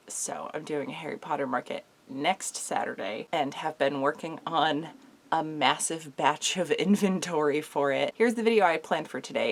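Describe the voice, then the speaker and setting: A woman's voice: deep voice, gravelly. A woman with a groggy early-morning voice, chatting casually to camera as a craft vlogger in her shop, rambling and self-deprecating. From United States.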